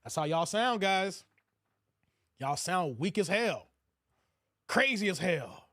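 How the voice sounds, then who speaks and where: A man's voice: high voice, very animated, slow pace. Brash male commentary host. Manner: loud, mocking, talks to viewers, reads chat. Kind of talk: reaction commentary.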